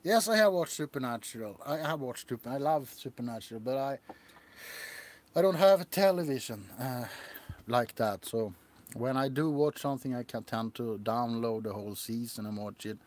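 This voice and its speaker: A man's voice: medium pitch, expressive. A man chatting on a livestream about shows and his ASMR characters, rambling and laughing. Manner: rambling, laughing, slow and halting. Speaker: ASMR creator. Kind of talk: casual livestream chat.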